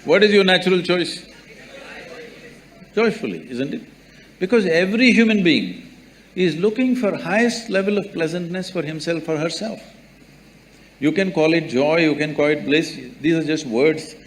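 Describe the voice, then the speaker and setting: A man gives a spiritual talk in a measured, deliberate way, stacking his points in steady repeated patterns. His voice sits a little high. A faint background hiss runs behind him. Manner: measured, builds rhetorical lists. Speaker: spiritual teacher. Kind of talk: spiritual discourse.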